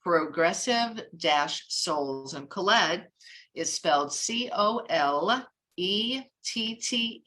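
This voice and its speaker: A woman's voice: on the low side, sharp tone. A woman hosting a live call-in show, upbeat and affirming, announcing classes and taking callers. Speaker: host.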